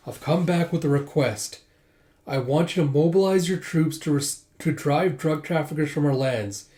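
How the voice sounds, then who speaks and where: Man voicing a young noblewoman, proud, determined, comic read-aloud, slightly high, soft-toned. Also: normal speed, close to an everyday voice. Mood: earnest. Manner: reads lines aloud lightly voiced.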